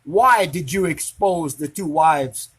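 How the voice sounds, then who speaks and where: A man's voice: fairly high pitch, slow, a bit bright, husky. A man delivering an angry, preachy rant to an online audience, firing off rhetorical questions and repeating himself for emphasis. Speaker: commentator reacting to social media drama. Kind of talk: angry ranting monologue.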